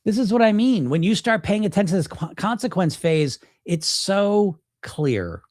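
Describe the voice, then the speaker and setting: Animated, blunt male weight-loss coach. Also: sits high, fairly quick, no room sound, clean studio sound. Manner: animated, acts out inner self-talk in quoted voices; blunt, casual swearing. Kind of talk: direct-to-camera coaching talk.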